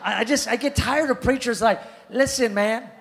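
A middle-aged man preaching a sermon with passion, repeating phrases, swinging between loud declarations and quiet asides. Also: very high-pitched, a little fast, creaky. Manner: impassioned, repetitive, shifts between shouting and muttered asides.

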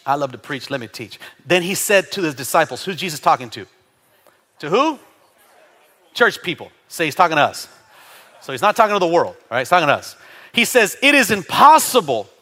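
Middle-aged guy preaching in church, bright voice, swings up and down a lot, cracks jokes and gets folks to answer back. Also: on the high side. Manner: animated, playful preaching with jokes and call-and-response. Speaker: pastor. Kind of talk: sermon. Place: church sanctuary.

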